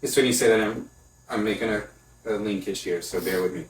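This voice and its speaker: A man hosting a podcast, asking questions in an unhurried, hesitant way with frequent fillers. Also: lowish voice. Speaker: podcast host. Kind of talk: casual interview questions. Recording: echoey room, mic at a distance.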